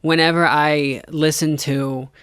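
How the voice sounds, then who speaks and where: A woman's voice: sits low, steady tone, slow, clear, resonant tone, dry recording, studio quality. A woman hosting a casual chat show, rambling with lots of fillers and casual swearing. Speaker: host.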